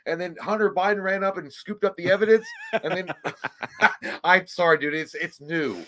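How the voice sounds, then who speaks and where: A man's voice: high voice, normal speed, a bit bright, slight background noise. A man co-hosting a casual movie chat, joking and crude, rambling into long bits. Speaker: podcast co-host.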